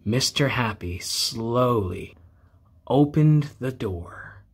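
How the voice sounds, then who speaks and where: A man reading a children's storybook aloud, expressive and playful with repeated words. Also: mid-range voice, drawn-out words, slightly rough.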